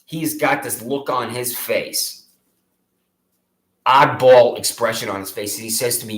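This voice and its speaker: A man's voice: medium pitch, a little slow, pauses often, a bit bright, roomy sound, poor audio. A man making an impassioned public complaint against local officials, accusatory, sarcastic and repetitive.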